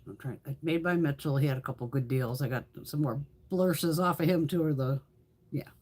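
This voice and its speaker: A woman's voice: deep voice, brisk, darkish tone, breathy edge. A middle-aged woman hosting a beauty livestream, chatting casually with viewers, laughing often and swearing freely.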